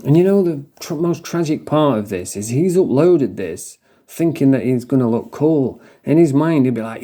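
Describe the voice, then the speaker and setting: A man's voice: medium pitch, lively intonation, normal speed, warm tone. Mocking, foul-mouthed English man. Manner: swearing, mocking, laughs often. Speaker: commentator reacting to clips. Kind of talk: crude casual commentary.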